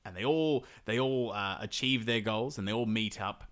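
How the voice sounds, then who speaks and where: A man's voice: fairly low pitch, normal speed. A man casually retelling a folk tale on a podcast, acting out the characters' lines. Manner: animated storytelling, acts out characters' lines. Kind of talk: casual chat.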